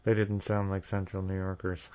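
A man's voice: low-pitched, flat delivery, darkish tone, smooth. A man with a central New York accent, teasing his brother in casual podcast chat. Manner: wry, teasing, quick banter. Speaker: podcast co-host.

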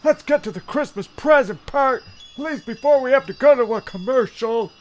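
A man's voice: very high voice, moderate pace. A man playing an exasperated, cursing cohost who wants the play to hurry up. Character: grumpy impatient male show cohost. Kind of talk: comedy radio-play acting.

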